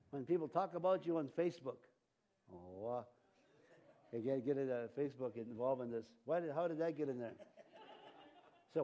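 A man's voice: medium pitch, lively intonation, normal speed, long pauses, warm tone, highs cut off. A man preaching an informal sermon in a church, rambling and breaking off mid-sentence, chuckling at his own asides. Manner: rambling, self-interrupting, chuckling often. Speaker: pastor.

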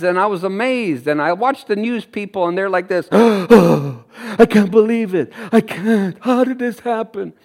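High-voiced man preaching with animated energy. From Canada. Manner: animated, laughs often, acts out quoted voices. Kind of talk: sermon.

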